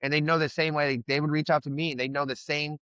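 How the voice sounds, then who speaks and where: Male podcast co-host, frank and rambling, bright voice, dull close mic. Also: on the high side, flat delivery, fast talker, smooth, no room sound. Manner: rambling, frank, swears, many fillers. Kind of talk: casual recovery podcast chat.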